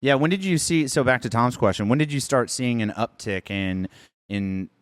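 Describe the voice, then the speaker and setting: A man's voice: mid-range voice, expressive, moderate pace, no room sound, studio quality. A man hosting a podcast interview, enthusiastic and casual, with some swearing. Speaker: podcast host.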